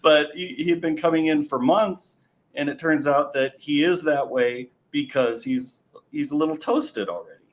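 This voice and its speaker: A man's voice: a little high, normal speed. A man hosting a casual podcast chat, telling bar stories and acting out customer exchanges. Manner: animated storyteller, acts out exchanges. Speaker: podcast host.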